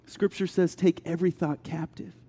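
A man preaching an earnest sermon as pastor, dropping to a hush for soft passages and building with rising questions. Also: on the high side, little pitch movement, normal speed, breathy edge. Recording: long hall reverb.

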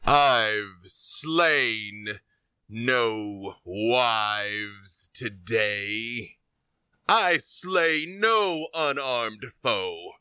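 A man voices a towering knight in armor, stern and honorable. He speaks with slow, measured gravity, and his tone is bright and a little pushed. The sound is dry and close. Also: medium pitch, lively intonation, clean tone, dry recording, heavily acted. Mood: menacing.

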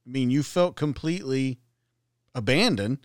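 A man's voice: medium pitch, lively intonation, moderate pace, no echo, clean studio sound. A man hosting a casual interview, asking loose, rambling questions. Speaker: podcast host.

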